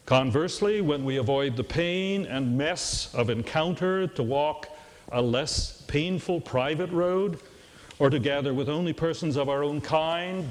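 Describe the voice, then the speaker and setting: A man preaching a sermon as pastor, measured and earnest with touches of dry humor. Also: a little high. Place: church sanctuary. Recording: long hall reverb.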